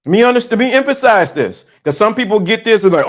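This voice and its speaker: A man's voice: sits high, big pitch swings, fast, hardly any pauses. A man, hosting a motivational talk and speaking to his chat like a preacher, repeating lines for emphasis. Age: 50s. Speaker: host.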